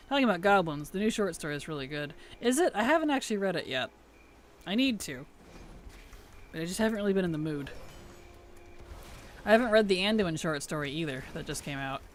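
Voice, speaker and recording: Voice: mid-range voice, a little hiss or hum. A streamer chatting casually while playing, laughing often and answering questions from chat.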